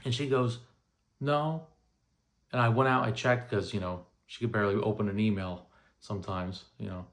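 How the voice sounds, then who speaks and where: A man's voice: on the low side, fairly quick. A man in his thirties casually telling a first-person story, rambling with lots of "you know" and "right?". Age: 30s. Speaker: vlogger recounting paranormal experiences.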